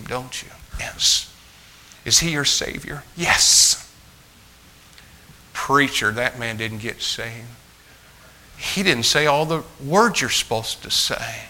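A male preacher telling a folksy story in a sermon, animated, acting out the dialogue. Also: mid-range voice, a little hiss or hum, poor audio.

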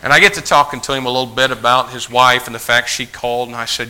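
A male preacher telling a folksy story in a sermon, animated, acting out the dialogue. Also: mid-range voice, fast, hardly any pauses, poor audio.

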